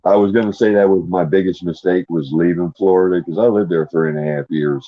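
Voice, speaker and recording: A man's voice: sits low, brisk, dry recording. A middle-aged man, a guest in casual chat, ranting angrily and swearing often. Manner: angry, profane ranting. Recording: dull, dry sound.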